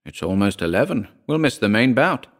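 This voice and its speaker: A man's voice: fairly low pitch, big pitch swings, brisk. A man reading a story aloud and voicing a dismissive male party guest who scoffs at everything. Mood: scoffing.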